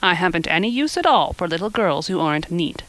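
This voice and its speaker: A woman's voice: on the low side, sing-song, fairly quick, a bit bright, dry recording, low-quality recording. Marilla, a woman doing a stern older guardian. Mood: admonishing. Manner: stern, admonishing.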